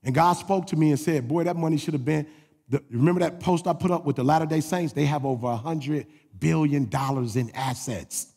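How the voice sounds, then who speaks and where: Man, pastor. Gravelly, husky sermon voice, swings from shouted preaching to quiet asides, long hall reverb. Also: a little high, brisk, hardly any pauses.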